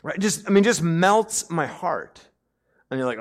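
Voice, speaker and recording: A young adult male pastor preaching a sermon, swinging from emphatic outbursts to hushed, near-whispered passages, with conversational asides. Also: a little high, big pitch swings, normal speed. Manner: conversational, with frequent "right?" asides.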